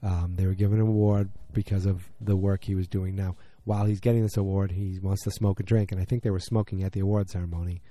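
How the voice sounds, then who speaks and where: A man's voice: low-pitched, level tone, fast talker, hardly any pauses, mellow. A man from middle America with a Midwestern accent, recapping a TV drama in a rambling, filler-heavy chat and acting out the characters' lines. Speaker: show recapper.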